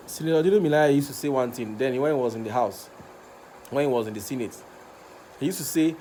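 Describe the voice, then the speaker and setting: A man's voice: mid-range voice, fast talker, warm tone, slight background noise. A man with a Nigerian accent, recording a passionate rant video, repeating himself and stumbling over words as he gets worked up. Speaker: vlogger.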